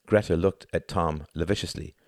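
Reading a novel aloud for an audiobook, a low-voiced man narrates with measured, expressive storytelling. The recording is dry and studio-clean.

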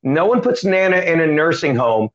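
High-voiced male comedian telling a story. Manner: animated, quick joking delivery with acted quotes. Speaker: comedian guest. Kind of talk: storytelling in an interview. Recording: dull lo-fi sound.

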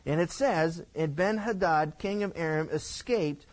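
A man pastor teaching the Bible verse by verse, retelling the story with lively, acted-out lines for its characters. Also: on the high side, measured pace, low-quality recording.

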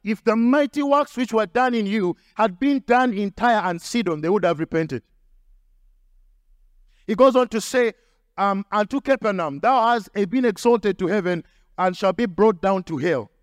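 High-voiced preaching pastor, dry sound. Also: male voice, lively intonation, normal speed, dry recording. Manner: emphatic preaching with repetition and acted quotes. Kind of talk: sermon.

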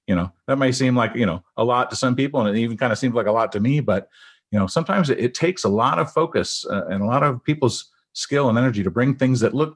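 Husky man telling stories haltingly. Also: mid-range voice. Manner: stammering, repeats words, storytelling. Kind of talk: casual anecdote chat.

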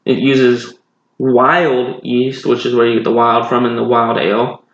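A man's voice: mid-range voice, little pitch movement, a little slow. A man from North Carolina co-hosting a podcast, chatting casually and explaining beers at length with a laid-back, digressive manner. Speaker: podcast co-host. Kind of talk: casual podcast chat with beer reviewing. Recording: roomy, dull lo-fi sound.

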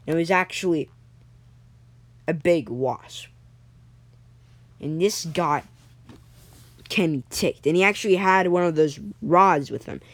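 A young storyteller with a mid-range voice improvises a story episode haltingly, restarting and correcting himself often. The recording is dry.

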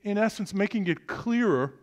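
A man preaching as a guest speaker. His voice sits on the higher side for a man. He is chatty and jokes with the congregation. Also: animated, moderate pace. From Brooklyn, New York. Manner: chatty, joking, addresses the audience directly. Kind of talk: sermon.

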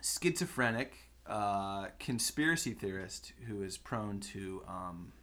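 Man, young adult, podcast host, deadpan, mock-pompous, comedic banter. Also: on the low side, slow. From Los Angeles.

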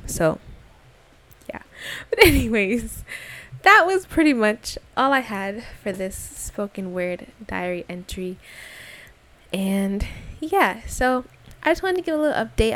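A young adult woman hosting her own podcast, talking in a chatty, slangy way as a casual spoken diary. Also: medium pitch. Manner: chatty and slangy, lots of fillers and asides. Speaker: podcast host.

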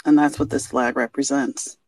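A woman speaking in a recorded interview, measured and hesitant with fillers. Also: a bass voice, flat delivery, creaky, a little mellow, slightly rough, no echo.

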